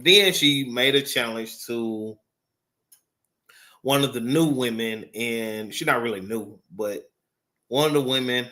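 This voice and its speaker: A man's voice: mid-range voice, bright, forceful tone. A man giving a casual, rambling wrestling review off the cuff, full of fillers and swearing. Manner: rambling, profane, filler-heavy.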